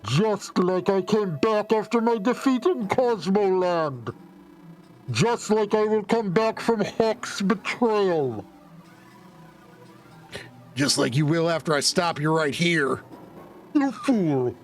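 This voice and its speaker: A man voicing a scheming male alien warlord, speaking slowly and muffled through a hand over his mouth. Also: a little high, animated, vocal fry, a little hiss or hum, pitched below the performer's own voice. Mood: gloating.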